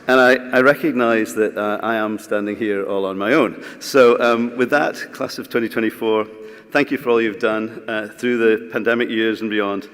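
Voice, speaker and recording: A man with a fairly low voice gives a wry graduation speech at a lectern. He tells his stories with small pauses and fillers. His words ring out through a large hall with a long echo. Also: fairly even intonation, fairly bright tone, slight background noise. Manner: wry, anecdotal, with halting fillers. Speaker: college speaker at a graduation. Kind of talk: ceremony speech.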